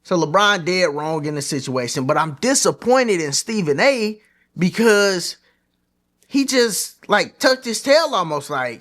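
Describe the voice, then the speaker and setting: Animated high-voiced man giving sports opinions. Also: unhurried. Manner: animated, opinionated, slangy casual talk. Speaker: host of a sports commentary channel. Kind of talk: opinion commentary vlog.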